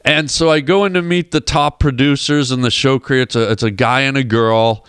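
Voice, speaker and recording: A man's voice: mid-range voice, brisk, smooth, no echo, studio quality. A man, a guest comedian, telling a casual story on a radio talk show and acting out the voices of people in it. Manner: animated storyteller who acts out quoted voices. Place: radio studio. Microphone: studio microphone.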